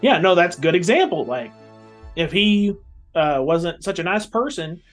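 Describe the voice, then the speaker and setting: A male player at a tabletop session, chatting loosely and rambling through his thoughts. His voice sits a bit high for a man. Faint music runs underneath. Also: expressive, normal speed. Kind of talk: casual tabletop play.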